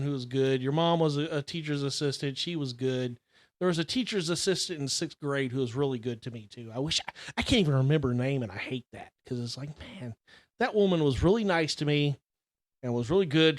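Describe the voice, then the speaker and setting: A middle-aged man telling childhood stories in casual chat, animated, exaggerating for laughs and swearing freely. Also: a little high, fast, no echo, studio quality. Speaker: podcast co-host.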